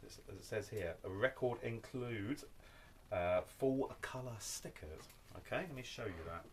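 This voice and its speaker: A man with a fairly low voice chats loosely about his record collection. He rambles, drops wry self-deprecating asides and keeps checking in with "okay?". A faint hiss sits under the recording. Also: a little slow. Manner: rambling, tags lines with "okay?". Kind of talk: casual show-and-tell vlog.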